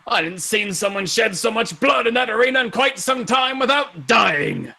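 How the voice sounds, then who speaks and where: A man voicing a big, boastful old male arena champion who speaks in a hearty, grandiose, drawn-out way. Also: extremely high pitch, animated, gravelly, bright, forceful tone, voice pushed up, exaggerated voice. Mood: praising.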